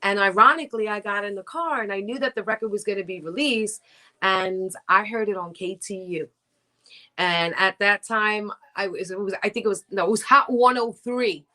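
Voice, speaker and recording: Middle-aged woman, interview guest, animated storyteller, acts out quotes, video call audio. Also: medium pitch, moderate pace. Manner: animated, acts out quoted voices with big jumps. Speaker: guest singer.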